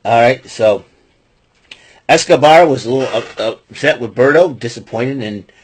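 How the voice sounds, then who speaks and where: Husky-voiced guy doing a loose rambly show recap, lots of uhs, says what he thinks. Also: medium pitch, normal speed. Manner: rambling, full of fillers and restarts, blunt opinions. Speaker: podcast host recapping wrestling.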